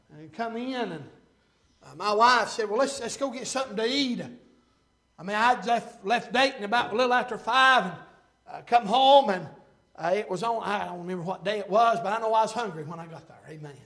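A middle-aged man preaching in a strikingly high voice. He tells stories in a folksy, meandering way, then builds to fervent, shouted points. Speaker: pastor. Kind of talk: sermon.

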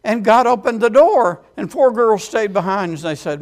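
Man, pulpit storyteller, high and gravelly, amen-heavy sermon delivery. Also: expressive, moderate pace, few pauses. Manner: storytelling with frequent amens, acting out quoted voices. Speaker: preacher. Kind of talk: sermon testimony.

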